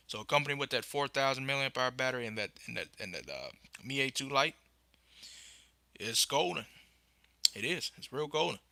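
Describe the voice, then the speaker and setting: A young man hosts a casual tech podcast over a phone live stream, rambling with lots of fillers and bursting into excitement about phones. His voice is mid-range, with no echo.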